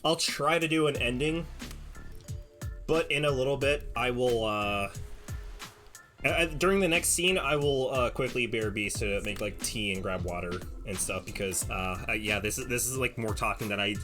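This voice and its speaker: A male streamer chats loosely over his game, tripping over repeated words as he rambles along. His voice sits at a middle pitch for a man. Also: normal speed, sharp tone, soft background music. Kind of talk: casual gaming stream commentary.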